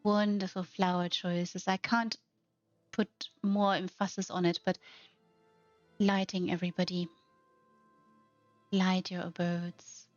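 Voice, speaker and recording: Slow, gushing woman narrating a house tour. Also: lowish voice, little pitch movement, no room sound, highs cut off, faint music behind. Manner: slow, effusive, gushing praise. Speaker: host.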